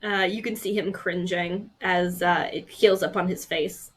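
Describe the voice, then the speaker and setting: A woman narrating a tabletop game as game master, casual and quick to laugh. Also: fairly low pitch, fairly even intonation, breathy edge. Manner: casual and chatty, laughs easily.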